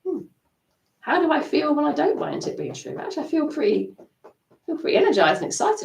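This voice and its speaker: A woman coaching an EFT tapping session on a live stream, animated and acting out her inner self-talk. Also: high voice, quick pace, vocal fry, long pauses. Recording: roomy sound, mic at a distance.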